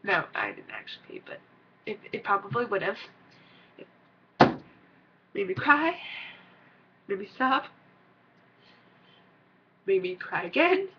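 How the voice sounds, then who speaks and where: A teenage girl vlogging casually, an excitable, rambling fan who gushes and squeals. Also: mid-range voice, slow, long pauses, a little hiss or hum. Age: teens. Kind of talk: gushing casual vlog. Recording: dull lo-fi recording.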